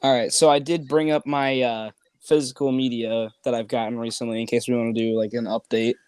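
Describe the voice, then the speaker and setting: A man guesting on a live online chat, rambling easily with plenty of fillers. His voice sits at an ordinary middle pitch. The recording is dry and close. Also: flat delivery, a little fast, a little mellow, clean tone, dry recording. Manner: easygoing, rambling, lots of "like".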